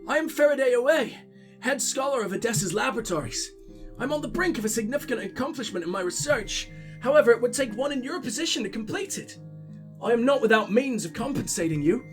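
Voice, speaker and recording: A man's voice: very high-pitched, expressive, quick pace, faint music behind. A man voicing a female scholar from a game letter, in a put-on Irish accent and a formal reading manner. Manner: formal letter reading, stumbling over words.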